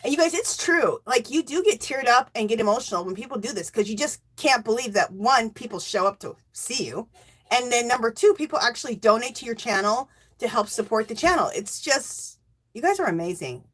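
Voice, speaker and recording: A middle-aged woman hosting a casual livestream, emotional and teary, thanking viewers by name and cheering with loud whoops. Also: on the high side, expressive, a little fast, husky. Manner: thanks donors warmly by name. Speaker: livestream host.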